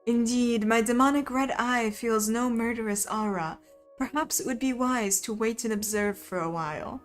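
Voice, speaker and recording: A woman's voice: on the high side, normal speed, soft background music, lightly acted. Girl doing a dramatic emo pigeon boy, all grand speeches about darkness. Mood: grandiose. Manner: grandiose, overdramatic proclamations. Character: theatrical young male pigeon with dark fantasy delusions.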